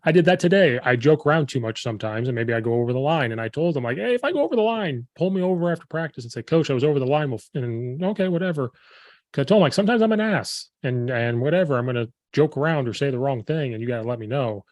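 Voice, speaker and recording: A man hosting a podcast as a football coach, telling stories with lively acted-out quotes. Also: mid-range voice, fast talker, no echo. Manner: animated storytelling, acting out quoted players and himself. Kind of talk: casual chat.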